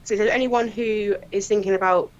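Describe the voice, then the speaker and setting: A woman, a crime scene investigator telling lively anecdotes and acting out what people said, often laughing. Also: mid-range voice, fairly quick, dull audio. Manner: lively, laughing storyteller who acts out quotes.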